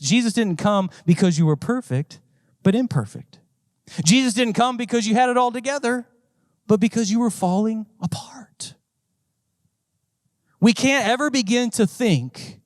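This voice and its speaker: A man with a high voice preaches in a conversational, storytelling way, circling back to repeat his phrases. The sound is dry and close, with no room echo. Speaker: pastor. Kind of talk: sermon.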